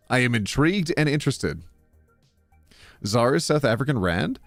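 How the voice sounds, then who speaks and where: Lively, chatty male streamer. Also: a little high, moderate pace, pauses often, no room sound, faint music behind. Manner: chatty, reacts to chat with sudden loud jumps. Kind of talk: live stream, reading posts aloud with commentary.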